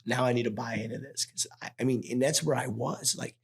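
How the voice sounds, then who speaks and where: A man's voice: mid-range voice, a little fast, husky. A man from Nevada, a wildland firefighter guest on a podcast, talking casually and emphatically, swearing often and acting out his own past thoughts. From Nevada, USA. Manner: emphatic, profane storytelling with quoted self-talk. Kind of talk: casual conversation.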